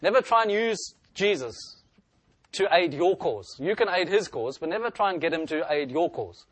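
A man's voice: on the high side, lively intonation, moderate pace, a bit bright, no room sound. A man preaching a sermon in an earnest style, lifting his voice when he reads scripture aloud.

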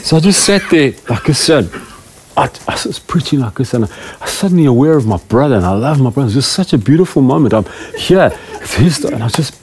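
A man's voice: medium pitch, lively intonation, fast, a little mellow, husky. A middle-aged man, a preaching elder, giving a rambling, self-deprecating talk to a small group of church leaders. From South Africa.

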